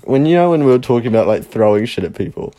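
A man's voice: mid-range voice, animated, quick pace, mellow, slight background noise. A young man casually telling a rambling personal story, full of fillers and swearing. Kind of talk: casual chat.

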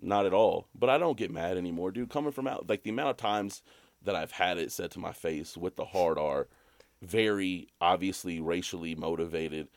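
A man from Alabama talks casually on a podcast, his voice sitting low and recorded dry and close. He tells his stories with animated energy and often breaks into high laughter. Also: moderate pace, no room sound. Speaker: podcast co-host. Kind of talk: casual chat.

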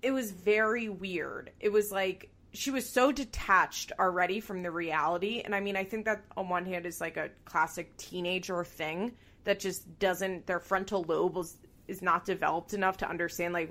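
Here a female podcast co-host chats animatedly while recapping a reality show, with frequent laughter and occasional swearing. She talks at a normal pace with few pauses, in a lowish, fairly bright voice.

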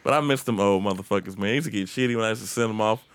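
A man's voice: fairly low pitch, racing, clear, resonant tone, no room sound, clean studio sound. A man in casual chat, telling profane stories from his old job. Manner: crude, profane storytelling.

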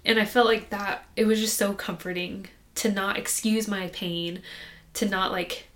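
A woman guest on a podcast, telling a personal faith story in a soft, halting, conversational way. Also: mid-range voice, steady tone. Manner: soft-spoken and halting, with many restarts.

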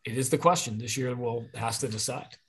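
A man's voice: mid-range voice, fairly quick, slightly rough. A man talking as a podcast guest, rambling and opinionated, often correcting himself mid-sentence. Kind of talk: casual podcast conversation.

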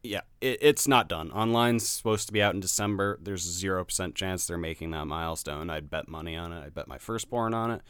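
Man, low and bright, blunt laughing game reviewer; crisp, dry close recording. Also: fairly quick, few pauses, dry recording. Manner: laughing, blunt, swears freely. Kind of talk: casual podcast chat.

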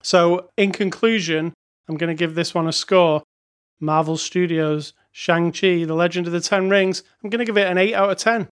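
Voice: medium pitch, fairly even intonation, moderate pace, smooth. A laid-back podcast co-host with a mid-range voice talks through a film in casual chat. The delivery is jokey, with chuckles slipped in between remarks. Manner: jokey, chuckles, reads reviews aloud wryly. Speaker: podcast co-host reviewing films.

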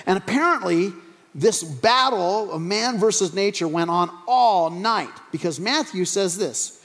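A man preaching a sermon as a pastor, telling the story with animated humor. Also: a little high, moderate pace. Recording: echoey hall.

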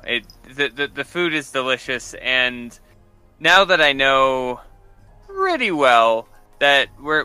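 A man speaking as a player in a tabletop game, describing what his character does in a halting way with restarts. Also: mid-range voice, sharp tone, smooth, dry recording, low-quality recording.

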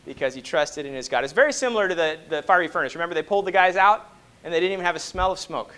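A man preaching a sermon to a congregation, moving between hushed, slow passages and loud, emphatic ones and often asking rhetorical questions. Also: a little high, clear, resonant tone. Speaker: pastor.

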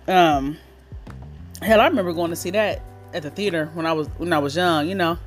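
A talkative woman in her thirties hosts her own podcast, chatting candidly and cursing without a second thought. Her voice sits a little low for a woman. Faint music plays softly behind her. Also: a little fast. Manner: chatty, candid, swears freely, laughs easily. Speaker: podcast host. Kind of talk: casual chat.

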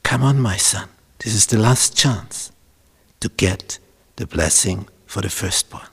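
A man voicing a clever mother who urges her son on in a hushed, coaxing voice. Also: lowish voice, a little slow, gravelly, breathy edge, long reverb tail, full character voice. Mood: urgent. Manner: urgent, coaxing, half-whispered. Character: clever scheming mother Rebecca, hushed and urgent.

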